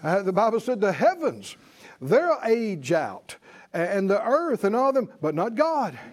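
Man, high voice, sermon, call-and-response, emphatic bursts and quiet drops. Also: sing-song, measured pace. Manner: rhythmic call-and-response preaching, rising to bursts and dropping low. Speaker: preacher.

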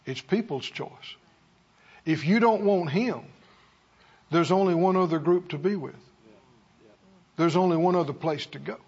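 A man's voice: high voice, measured pace, pauses often, darkish tone, breathy edge, lo-fi sound. A man preaching a sermon in a church, with emphatic, repetitive call-and-response delivery. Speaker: pastor.

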